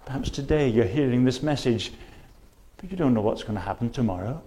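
A man's voice: mid-range voice, expressive, fairly quick, mellow, a little hiss or hum. A man preaching a sermon in church, earnestly pressing his listeners with repeated questions and quoting scripture. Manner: earnest, urgent appeals, repeated rhetorical questions; quotes scripture in old-fashioned wording.

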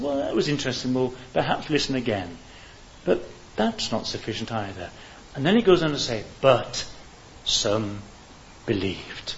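Male preacher, earnest and fervent; slightly muffled recording with faint hiss. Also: medium pitch. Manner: earnest, rising to fervent appeals. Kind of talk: evangelistic sermon. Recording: dull hissy recording.

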